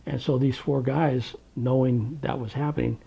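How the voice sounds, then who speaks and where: A man from Washington state tells his memories for an oral history, wry and unhurried, pausing on ums and uhs. His voice is husky with a gravelly rasp at mid pitch. The recording sounds dull and lo-fi. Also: steady tone, mellow. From Tri-Cities, Washington, USA. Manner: unhurried, wry storytelling with many fillers.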